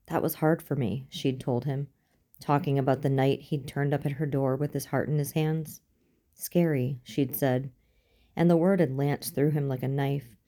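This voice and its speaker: Low, mellow-voiced woman narrating a novel. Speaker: audiobook narrator. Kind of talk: fiction audiobook narration.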